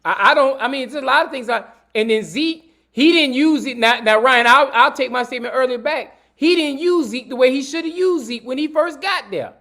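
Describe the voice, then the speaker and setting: A man's voice: very high voice, fairly quick, few pauses, bright, forceful tone. A man on a sports talk panel over a video call, talking in a loose, rambling way and correcting himself as he goes. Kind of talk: casual sports debate.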